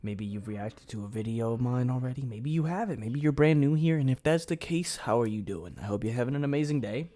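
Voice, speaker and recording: A man hosting a reaction channel, chatting casually, swearing often and thinking out loud. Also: mid-range voice, brisk, few pauses. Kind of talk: casual video reaction commentary.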